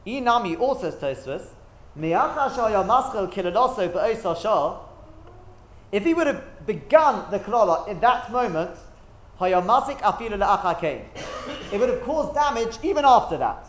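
A man with a high voice teaches a Talmud class. He thinks aloud, asks rhetorical questions and walks through each step. The recording is a little dull. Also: sing-song, normal speed, a little hiss or hum.

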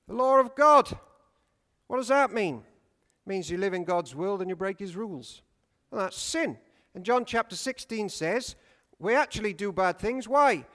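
Lively high-voiced preacher in a church hall. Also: male voice. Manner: lively, humorous, asks the congregation questions. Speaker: pastor. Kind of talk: sermon.

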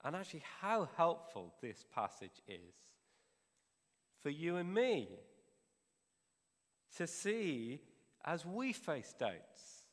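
A man preaches in a relaxed, conversational way, restarting phrases as he works through the passage. His voice sits a little high for a man, and the long reverb of a church hall trails behind each phrase. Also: slow, pauses often. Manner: conversational preaching with restarts, drops soft to pray. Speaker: pastor. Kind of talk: sermon.

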